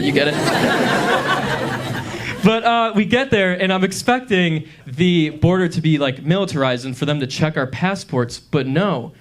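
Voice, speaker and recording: A young man in his twenties doing a stand-up comedy set on a club stage, telling stories with pauses before the punchlines. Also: on the high side.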